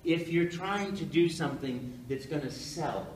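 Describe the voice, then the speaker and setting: An older man tells stories at a live event, animated and rambling, slipping into quoted voices. His voice sits a little high for a man. The mic is far off, so the sound is distant and roomy with faint ambience. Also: normal speed, slight background noise. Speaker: guest speaker. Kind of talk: storytelling talk on stage.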